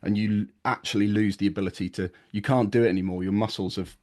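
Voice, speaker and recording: A man's voice: on the low side, fairly even intonation, quick pace, a little mellow. A man, chatting casually on a podcast in a rambling, stop-start way. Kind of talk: casual chat.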